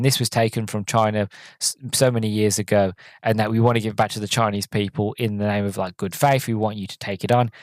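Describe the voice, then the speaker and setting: A man's voice: mid-range voice, no echo. A man hosting a podcast, reviewing a film in casual chat, rambling with many fillers and restarts. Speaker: podcast host.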